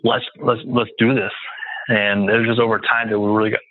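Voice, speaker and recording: A man's voice: on the low side, level tone, fairly quick, no room sound. A man as a guest in a casual interview, talking confidently and emphatically, often making his points as lists. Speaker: guest real estate investor. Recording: dry tinny phone-like line.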